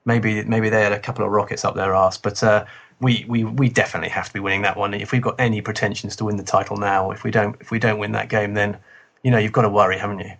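A man chats casually about football as a podcast guest, talking fast in a husky voice. He hedges and restarts his sentences often. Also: lowish voice, little pitch movement, fairly bright tone. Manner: chatty, hedging, lots of restarts.

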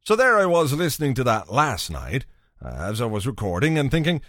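A man's voice: mid-range voice, huge pitch swings, fairly quick, a bit bright, dry recording. Wry chatty podcast host, man. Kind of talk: casual podcast chat.

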